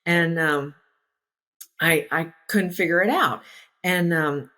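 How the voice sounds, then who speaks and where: A woman in her sixties tells stories from her flying days, her voice sitting a little low for a woman. She talks casually and with spirit, slipping into the voices of the people she quotes and laughing easily along the way. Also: takes it slowly, pushed and bright. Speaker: former naval aviator, interview guest. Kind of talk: casual anecdotal storytelling.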